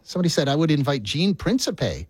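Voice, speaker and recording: A man hosting a radio show, reacting quickly and getting easily flustered in casual chat. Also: fairly high pitch, very animated, slightly rough, no room sound, studio quality. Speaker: radio host.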